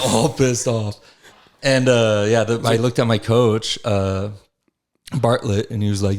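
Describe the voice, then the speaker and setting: A man's voice: mid-range voice, steady tone, a little slow, darkish tone. A young adult man hosting a podcast, telling stories in casual chat, swearing freely and laughing as he talks. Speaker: podcast host.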